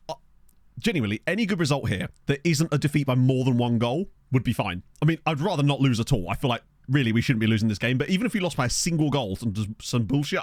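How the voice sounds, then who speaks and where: A man's voice: a little high, dry recording. A young man chatting casually through a game livestream, jokey, sometimes eating as he talks. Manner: chatty and jokey, talking with his mouth full, laughing often. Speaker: streamer. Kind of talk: casual gaming livestream chat. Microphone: desk microphone.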